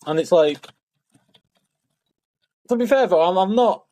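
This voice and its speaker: Lively man chatting on a podcast. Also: sits high, a little slow. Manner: chatty, lively, says "mate" and "to be fair". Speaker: podcast co-host. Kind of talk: casual chat. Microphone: remote call mic.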